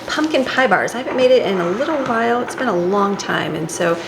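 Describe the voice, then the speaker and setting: Mom rambling while she bakes, gravelly voice, noisy kitchen. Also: mid-range voice, expressive, a little fast. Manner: rambling, laughs often, talks while cooking. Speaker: homemaker and mom baking at home. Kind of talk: casual chatty kitchen vlog. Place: home kitchen. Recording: noisy home kitchen recording.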